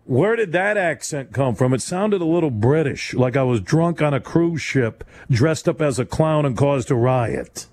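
Mellow-voiced sports radio host, emphatic and rambling. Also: male voice, expressive, normal speed, few pauses. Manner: emphatic, conversational, rambling, jumps in pitch for emphasis. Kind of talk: call-in sports talk radio. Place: radio studio. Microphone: studio microphone.

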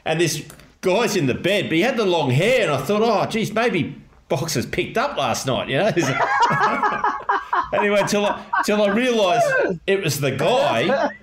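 A man's voice: high-pitched, huge pitch swings, unhurried, fairly bright tone, echoey room, a little hiss or hum. An Australian man co-hosting a podcast, chatting casually and chuckling as he talks. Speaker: podcast co-host. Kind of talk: casual chat.

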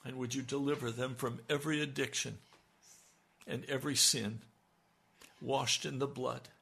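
A man's voice: medium pitch, steady tone, moderate pace, gravelly, sharp tone, slightly rough. A man preaching on the radio, praying fervently with rising, pleading cries. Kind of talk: impassioned radio prayer.

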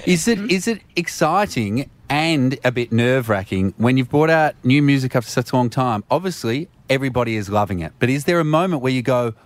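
A man's voice: medium pitch, lively intonation, a little fast, few pauses. A man co-hosting a radio show, teasing and joking in casual banter.

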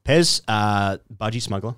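A man co-hosting a podcast, tossing in joking, sweary banter and quick agreeing interjections. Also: on the low side, animated, fairly bright tone, clean tone, dry recording. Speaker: podcast co-host. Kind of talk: casual chat.

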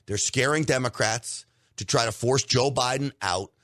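A man's voice: medium pitch, moderate pace, a bit bright, no room sound. A man hosting a political opinion show, pressing every point with emphasis and doubling up on words. His voice sits in a middling range, and it is recorded close and dry. He talks directly to his audience. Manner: emphatic, repeats words for stress. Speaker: political commentary host.

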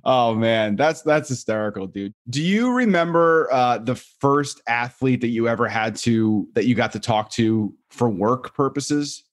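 A man hosting a casual podcast chat as a comedian, enthusiastic and quick with laughs. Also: mid-range voice, expressive.

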